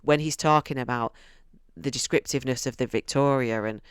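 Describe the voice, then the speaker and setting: A man's voice: mid-range voice, a little fast, smooth, no room sound, studio quality. A man giving a casual, enthusiastic book review, chatty and often restarting his sentences. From United Kingdom.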